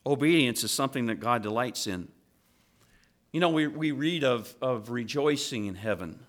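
A man, a father, preaching a sermon to children, swinging from loud impassioned rises to quiet earnest asides. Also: medium pitch, lively intonation, moderate pace. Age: adult with children. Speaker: pastor.

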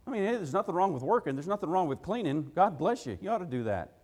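Talking fast in a high, sing-song, slightly mellow voice, a man preaches an evening sermon in a church sanctuary. His style is folksy and emphatic: rhetorical questions, "gotta," "ain't," and a well-placed "hey" to underline his points. Everything rings with long hall reverb.

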